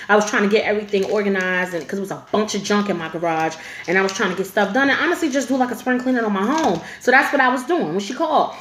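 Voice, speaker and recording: A woman's voice: medium pitch, animated, fast talker, hardly any pauses, a bit bright, echoey room, a little hiss or hum. A woman telling a story to camera in a casual storytime vlog, blunt and profane, with lots of filler.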